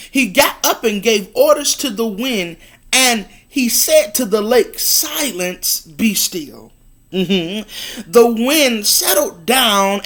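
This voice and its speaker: Woman devotional speaker, unhurried, earnest and repetitive, murmurs between verses. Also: medium pitch, fairly bright tone. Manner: reads verses aloud, murmuring "mm-hmm" between passages; earnest, repeating phrases for emphasis. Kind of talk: Bible reading and encouraging sermon.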